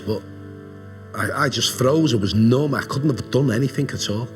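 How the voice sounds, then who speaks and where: A man, retelling a traumatic event as a witness in a documentary interview, halting and emotional. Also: medium pitch, faint music behind.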